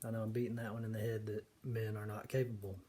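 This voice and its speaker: A man giving casual, earnest commentary on scripture, stressing key words slowly. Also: lowish voice, level tone, background noise. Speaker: video preacher.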